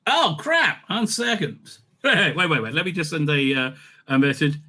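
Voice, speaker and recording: A man's voice: on the high side, expressive, moderate pace, bright, forceful tone. A man hosting a casual, sarcastic review rant, swearing often and stumbling over fillers. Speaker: reviewer, channel host.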